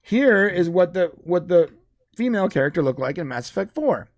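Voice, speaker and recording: A man's voice: high voice, very animated, moderate pace, dry recording, clean studio sound. A man co-hosting a live podcast, talking casually with frequent restarts and fillers. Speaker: podcast co-host. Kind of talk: casual live-stream chat.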